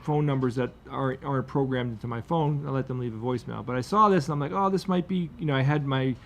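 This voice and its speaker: A man's voice: mid-range voice, fast, creaky, a little hiss or hum. A man co-hosting a podcast, telling a story in a casual, rambling way. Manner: relaxed storyteller, lots of fillers and restarts. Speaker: podcast co-host. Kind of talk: casual chat.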